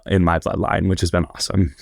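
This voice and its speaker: A twentysomething man from Indiana, guesting on a podcast, tells stories in a chatty, rambling way packed with fillers and quoted asides. His voice is low and creaky, his delivery flat and fast. The studio-quality recording has no room sound.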